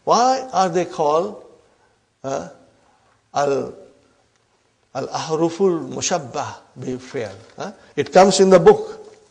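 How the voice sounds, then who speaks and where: A man teaching Arabic grammar in a slow, drawn-out lecture, often checking in with his class. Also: fairly high pitch, expressive, vocal fry, a little mellow, husky.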